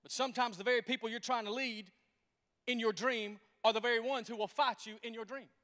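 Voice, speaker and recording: A pastor in his forties preaches with an animated, folksy storytelling manner. His voice sits very high for a man, and it echoes through a church sanctuary with a long reverb. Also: a little fast. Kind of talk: sermon.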